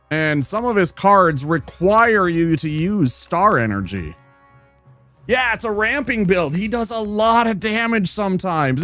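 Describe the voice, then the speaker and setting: A man's voice: high-pitched, a bit bright, dry recording. A man streaming and commenting on a game in a playful, teasing, chatty manner. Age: adult. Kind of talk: casual gameplay commentary.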